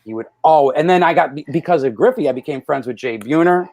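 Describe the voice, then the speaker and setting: A man's voice: quick pace, no echo. A man as a podcast guest, telling anecdotes in casual chat and acting out the people he quotes. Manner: animated, acts out quotes with loud jumps in pitch. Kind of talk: casual storytelling.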